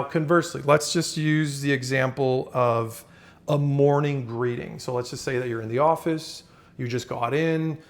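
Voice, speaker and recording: A man in the middle of a casual talking-head lesson, speaking at an everyday mid pitch. His delivery is loose and conversational, full of fillers and quick restarts. Every so often he stops to act out a short example phrase before carrying on with the explanation. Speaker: communication coach.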